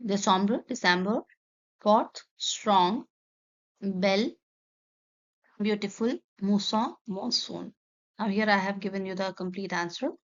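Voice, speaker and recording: A woman's voice: mid-range voice, takes it slowly, long pauses. A woman, a French teacher explaining a textbook lesson step by step, reading French phrases and then translating them. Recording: dull lo-fi sound.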